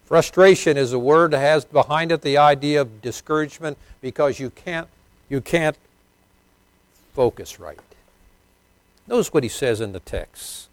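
Older preacher with a dry, close sound. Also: male voice, no echo. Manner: swings from loud emphatic bursts to quiet low asides; chuckles and asks the congregation questions. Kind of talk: sermon.

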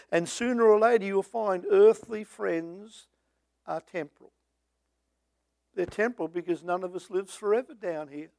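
A male preacher, delivering a sermon that swings between booming lines and hushed, half-sung hymn verses. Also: no room sound, studio quality.

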